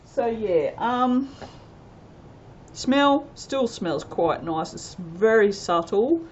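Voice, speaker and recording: A woman's voice: on the high side, expressive, drawn-out words, a little mellow, lo-fi sound, a little hiss or hum. A woman chatting casually as she works on a soap-making vlog, rambling along with self-deprecating asides. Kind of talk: casual commentary while working.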